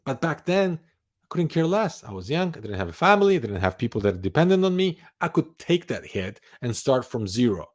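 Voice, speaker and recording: A man's voice: medium pitch, very animated, brisk. A man talking to camera as the host of an advice channel, insisting on his points and repeating key phrases. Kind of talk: motivational talk to camera.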